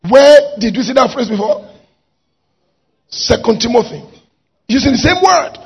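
A pastor preaching a sermon, swinging from shouted exhortation to quiet asides. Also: male voice, extremely high pitch, husky. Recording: dull lo-fi recording.

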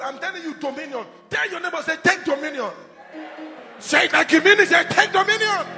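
Faint music plays in an echoing, large church hall as a man with a very high, creaky voice preaches fervently in a charismatic style. He leads call-and-response, shouting decrees again and again and asking the crowd to repeat after him.

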